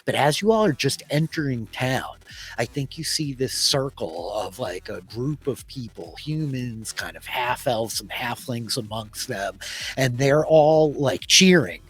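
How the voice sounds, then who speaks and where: A woman's voice: very deep voice, animated, measured pace, breathy edge. Woman, dungeon master, casual rambling narration, lots of fillers. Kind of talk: narrating a tabletop game.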